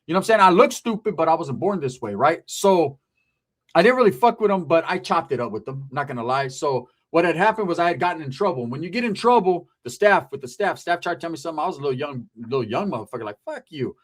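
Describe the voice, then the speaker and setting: Male guest from California, casual profane storyteller who plays out the voices, slightly raised pitch. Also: fast talker. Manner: profane, animated, acts out quoted voices. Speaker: guest recounting his past.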